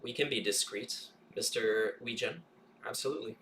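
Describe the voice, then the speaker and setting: A man at a mid pitch plays his character in a tabletop game, stumbling through lines with many pauses and fillers. A faint noise sits under his voice. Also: a bit bright. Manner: hesitant, lots of uh fillers. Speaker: player.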